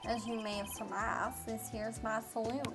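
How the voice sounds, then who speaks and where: A woman's voice: a little high, little pitch movement, normal speed, lightly acted. A woman voicing a cowboy security guard in a video game, putting on a country drawl and cowboy slang, with game music behind. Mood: folksy swagger. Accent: put-on American country.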